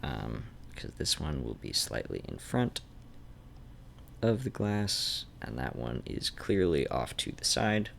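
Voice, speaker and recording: A man's voice: a bass voice, huge pitch swings, slow pace, creaky, fairly bright tone, a little hiss or hum. A man streaming while he sketches, thinking aloud, trailing off and restarting, with a faint Canadian-like North Idaho accent. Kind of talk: rambling drawing stream. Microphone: desk mic.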